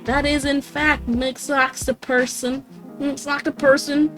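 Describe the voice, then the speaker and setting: A young woman chatting casually on a livestream, giggling often, swearing offhand and mimicking others in high squeaky voices. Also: level tone, measured pace, over music. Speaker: streamer.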